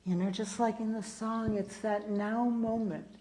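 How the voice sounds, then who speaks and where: A woman's voice: on the high side, steady tone, mellow, poor audio. A woman in her sixties, a minister, giving a sermon and telling personal stories, acting out the people she quotes. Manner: slow, storytelling, acts out quoted people. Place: church sanctuary.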